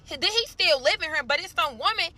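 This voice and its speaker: A woman's voice: extremely high pitch, expressive, pushed and bright. A young woman from St. Louis telling a storytime vlog, cursing freely and calling her viewers y'all. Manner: profane, addresses viewers as y'all, drawn-out dramatic telling.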